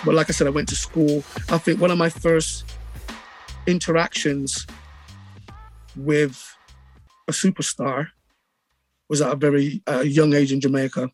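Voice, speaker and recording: A middle-aged man with a Bristol accent, telling stories in a casual interview with lively acted-out quotes and many restarts. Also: fairly high pitch, unhurried, pauses often, soft background music. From England. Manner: animated storyteller, acts out quotes, many restarts. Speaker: radio DJ guest.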